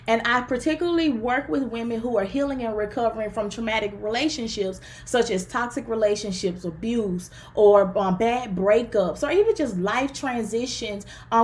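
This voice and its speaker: A woman from the Southern US with a country twang, a therapist and relationship coach chatting to viewers on a livestream. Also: a little high. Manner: chatty, upbeat, talks straight to viewers. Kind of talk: casual livestream talk.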